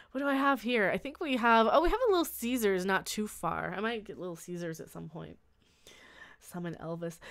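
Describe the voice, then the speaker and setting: A young woman hosting a casual livestream from a small room at home, chatting with her chat, rambling, with frequent laughs and restarts. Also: mid-range voice. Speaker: livestream host reading chat.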